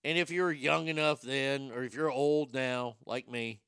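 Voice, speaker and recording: Bright, crisp-voiced man riffing profanely. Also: mid-range voice, fairly even intonation, a little slow, no room sound, clean studio sound. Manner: profane, sarcastic, thinking aloud. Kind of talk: casual rambling commentary.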